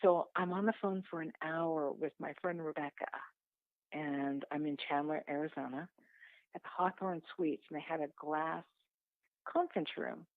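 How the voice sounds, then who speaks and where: A woman guest candidly telling her own story, lively, swearing freely and acting out what others said. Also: deep voice, moderate pace, no room sound. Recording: tinny phone-like sound, dry.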